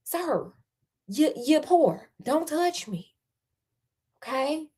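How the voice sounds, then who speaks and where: A woman's voice: mid-range voice, lively intonation, measured pace, darkish tone. A woman voicing a haughty, impatient rich male lord who hurls slangy, dismissive insults.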